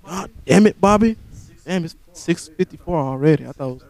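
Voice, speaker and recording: Podcast co-host, male, rowdy joker, voice swings high and low, slightly high-pitched. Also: fairly quick, vocal fry, no room sound. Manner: animated, jokey, profane. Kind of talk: crude casual banter.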